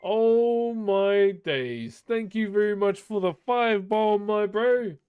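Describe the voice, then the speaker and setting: A man, live-streaming and warmly thanking viewers. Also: high voice, takes it slowly, clear, resonant tone, dry recording, narrow, tinny audio, soft background music. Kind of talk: live stream chat and reading aloud.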